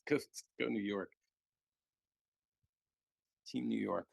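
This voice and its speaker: A man's voice: fairly low pitch, fairly even intonation, slow pace, creaky, a little mellow, no room sound. A man co-commentating live, chatty and jokey.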